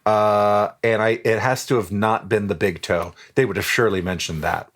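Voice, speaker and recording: A man's voice: on the low side, steady tone, normal speed, a bit bright, slight background noise. A man co-hosting a casual podcast, recounting a story with frequent ums and restarts. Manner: hesitant, many ums and restarts while recounting facts. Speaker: podcast co-host presenting the story.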